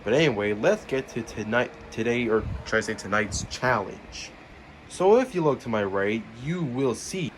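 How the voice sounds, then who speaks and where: A young man hosting a homemade challenge show, explaining things in a rushed, chatty way. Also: medium pitch, animated, a little hiss or hum. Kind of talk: casual comic hosting.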